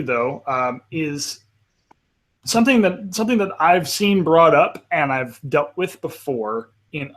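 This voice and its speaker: Guy hosting a chill panel, kinda high voice, stumbles and restarts, always agreeing. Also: fairly bright tone. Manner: halting, restarts often, agreeable. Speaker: panel host. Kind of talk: casual live panel chat.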